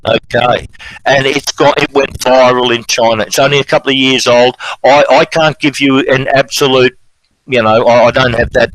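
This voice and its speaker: A man's voice: mid-range voice, a bit bright, rough recording. A middle-aged man with an Australian accent, talking on a podcast in a rambling, emphatic way and repeating his phrases. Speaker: strike organiser on a podcast. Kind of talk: impassioned podcast talk.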